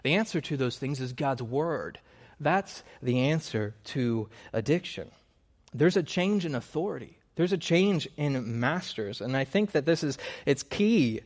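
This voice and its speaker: A man preaching with earnest conviction, driving his points home through repeated phrases. His voice sits at a middle pitch, and a long reverb trails after his words. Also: lively intonation, unhurried. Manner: earnest, emphatic repetition with self-corrections. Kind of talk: sermon.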